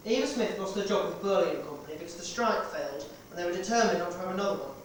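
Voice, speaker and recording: A man rehearsing a stage play as a stern police inspector, questioning in a measured, relentless way. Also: high voice, animated, recorded from a distance. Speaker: amateur stage actor. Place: rehearsal hall. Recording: echoey hall recorded from afar, noisy.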